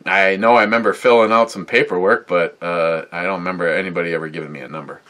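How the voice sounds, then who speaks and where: A wisecracking man in his sixties with a fairly low voice hosts a beer review in loose, rambling chat to camera. He swears freely, wanders off topic and trades jabs with his voice assistant. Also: steady tone, quick pace, a bit bright. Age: 60s. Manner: talks back to a voice assistant.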